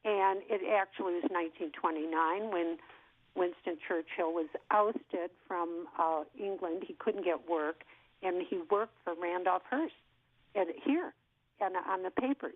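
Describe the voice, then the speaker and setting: A woman in her sixties, an actress, telling an animated story in an interview and acting out what people said. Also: fairly low pitch, a little slow. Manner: lively storyteller who acts out what people said. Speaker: actress guest. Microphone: telephone. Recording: tinny phone line.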